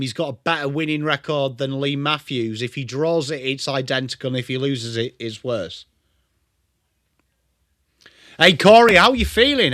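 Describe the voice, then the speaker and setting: An English man hosting a live sports watchalong stream, chatting excitedly and greeting viewers by name. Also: a little high, no echo, clean studio sound. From England. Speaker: livestream host.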